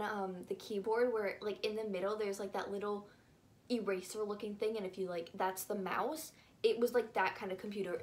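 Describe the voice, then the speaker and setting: A young woman telling a childhood story on her channel, animated and rambling with lots of fillers. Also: mid-range voice. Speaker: YouTuber. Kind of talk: casual storytime.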